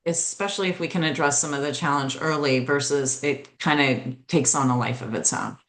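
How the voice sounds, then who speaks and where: A woman's voice: low-pitched, steady tone, fairly quick, a bit bright. A middle-aged woman being interviewed, talking earnestly as a mental health educator and telling personal stories, speeding up on key points. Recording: roomy echo.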